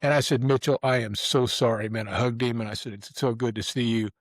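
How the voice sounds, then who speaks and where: An older man hosts a relaxed conversation and spins loose, rambling anecdotes with colorful language. His voice sits in an ordinary middle pitch. It is recorded close, with a dry sound and no room echo. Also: brisk. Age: 50s or older. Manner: rambling, swearing, restarts and acts out quotes. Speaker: podcast host. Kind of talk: casual storytelling chat.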